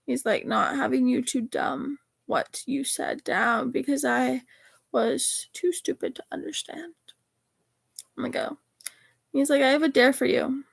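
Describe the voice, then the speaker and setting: High-pitched teen girl reading texts. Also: a little slow, gravelly, breathy edge, dry recording. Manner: animated, rambling, swears casually. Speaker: vlogger reading her text messages aloud. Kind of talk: casual chat reading out texts.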